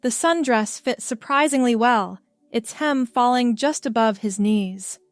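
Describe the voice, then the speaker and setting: A woman narrating a written story in calm, measured scripted narration. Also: on the high side, dry recording. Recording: dry studio voice with faint music.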